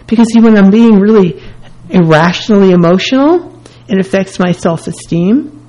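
A woman's voice: medium pitch, lively intonation, normal speed, warm tone, low-quality recording. A woman hosting a self-help radio talk, speaking earnestly and candidly in short repeated phrases. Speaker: radio host.

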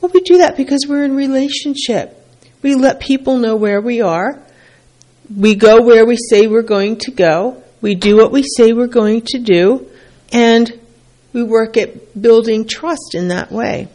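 A woman's voice: on the high side, a little slow, mellow. A woman working as a couples therapist, giving relationship advice in a plainspoken, conversational way and repeating key points for emphasis.

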